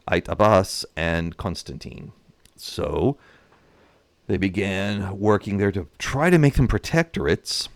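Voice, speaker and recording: A man giving casual, animated history commentary, acting out nations in voices and chuckling. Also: sits low, no echo. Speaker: history and strategy game commentator.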